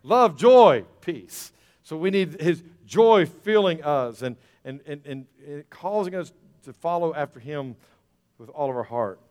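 A man's voice: fairly high pitch, lively intonation, measured pace, clear, resonant tone. A man preaching a sermon as pastor, folksy and rising to fervent emphasis. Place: church sanctuary. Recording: reverberant church hall, soft music.

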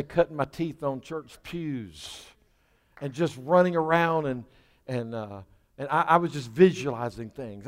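Folksy pastor preaching in a reverberant church. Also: male voice, mid-range voice. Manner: folksy, conversational, grows fervent and louder in prayer. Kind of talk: sermon. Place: church sanctuary.

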